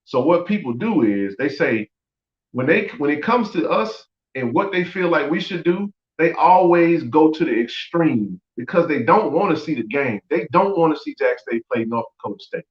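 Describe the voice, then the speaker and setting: A man's voice: fairly high pitch, lively intonation, normal speed. A man hosting a sports podcast, giving blunt, opinionated talk and repeating phrases for emphasis. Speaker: podcast host. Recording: echoey, dull lo-fi audio.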